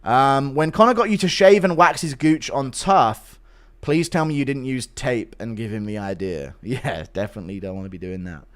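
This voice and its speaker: A man's voice: medium pitch, normal speed. A man live-streaming, reading out donations and joking crudely, laughing often. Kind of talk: casual chat.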